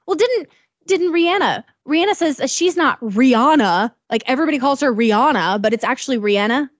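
Woman, podcast co-host, animated storyteller, bright higher voice, dry close sound. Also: fast, no echo. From southern Illinois. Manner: animated, laughs often, storytelling. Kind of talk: casual chat.

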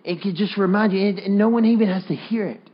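A man's voice: high voice, quick pace, husky, lo-fi sound. A man preaching a sermon, coaxing his congregation to repeat a phrase back to him. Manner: leads the congregation in call-and-response, earnest and coaxing. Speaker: pastor.

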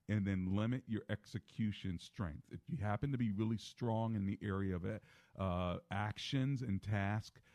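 Low-voiced pastor hosting call-in radio. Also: male voice, no room sound. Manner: warm pastoral encouraging, frequent "all right?" check-ins. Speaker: radio talk show host and pastor. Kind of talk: call-in radio talk and teaching.

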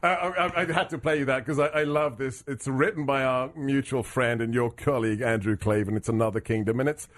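A male talk radio host at an everyday middle pitch, trading quick jokes with his guest. He fires off asides and laughs easily between call-ins. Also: steady tone. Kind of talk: casual talk radio banter.

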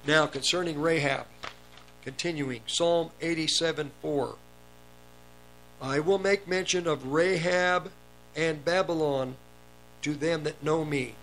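A man's voice: fairly high pitch, takes it slowly, long pauses, a bit bright, slight background noise, rough recording. A man preaching a sermon, reading scripture aloud and explaining it, lifting his voice on the quoted commands. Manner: reads verses then comments, raises voice on commands.

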